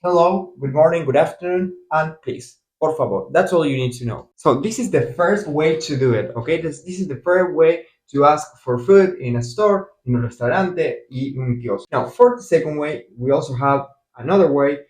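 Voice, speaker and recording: A man's voice: on the high side, a little mellow. Argentine man teaching in an echoey room. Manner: explains slowly, repeating phrases. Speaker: Spanish teacher. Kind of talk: casual video lesson.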